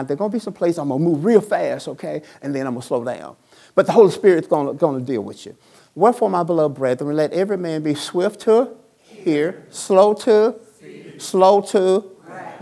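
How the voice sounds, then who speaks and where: Gravelly pastor preaching call-and-response. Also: mid-range voice, warm tone. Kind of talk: sermon. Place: church sanctuary.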